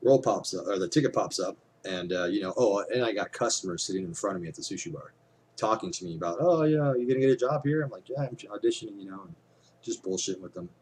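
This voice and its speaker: A man's voice: sits low, fast, slight background noise. A man talking casually to his camera, rambling with lots of fillers and casual swearing. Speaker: vlogger.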